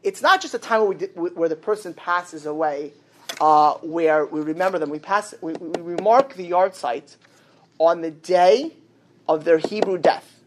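A man's voice: on the high side, a little slow, slight background noise. A man, a rabbi, giving a sermon and telling a story, acting out the characters' dialogue. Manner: animated storyteller, acts out the dialogue.

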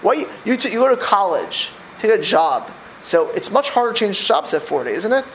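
A man teaching a Torah class, animated, with many restarts and repeated words. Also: sits high, brisk, slight background noise, rough recording. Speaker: religious teacher.

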